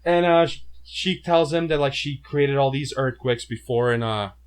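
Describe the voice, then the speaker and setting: A man's voice: mid-range voice, normal speed, clean tone. A man co-hosting a casual movie review, retelling the plot with mouth sound effects and stumbling restarts. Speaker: co-host of a movie review show.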